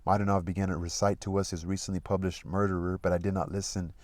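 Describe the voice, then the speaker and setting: A man reading a classic novel aloud, pausing to re-read passages and muse about them. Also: low-pitched, flat delivery, darkish tone. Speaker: reader of a literary audiobook channel.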